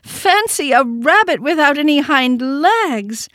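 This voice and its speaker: A woman's voice: a little high, sing-song, moderate pace, no room sound, clean studio sound, voice pushed up. A woman voicing a bold, boastful wild male rabbit in a storybook reading, with a teasing manner. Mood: mocking.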